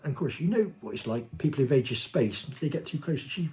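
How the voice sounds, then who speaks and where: A man telling a personal anecdote in a blunt, cheeky, casual way, growing animated when he quotes himself. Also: fairly high pitch, quick pace. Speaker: storyteller.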